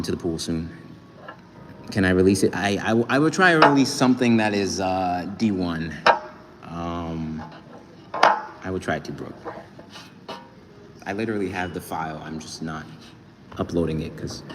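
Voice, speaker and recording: A young man livestreaming from a gym, chatting loosely with viewers, thanking them and reading their comments. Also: low-pitched. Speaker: livestreamer and rapper. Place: indoor gym. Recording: echoey gym room, faint background noise.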